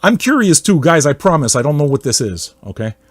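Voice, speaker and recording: A man's voice: on the high side, big pitch swings, fairly quick, breathy edge, no room sound. Profane ranting male podcast host. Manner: swearing often, mocking, swings between loud outbursts and muttering. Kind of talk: casual profane rant.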